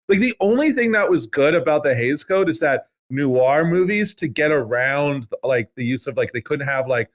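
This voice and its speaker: Young male podcast co-host, a touch high-pitched, rambly, loose delivery. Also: normal speed, hardly any pauses. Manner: rambling, heavy on filler words. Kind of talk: casual chat.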